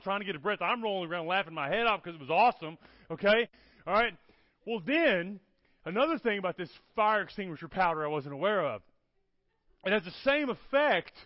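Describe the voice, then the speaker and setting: A guest preacher with a high male voice tells stories in his sermon, animated and constantly checking in with "okay? all right?". The recording is dry, with dull lo-fi sound and no echo.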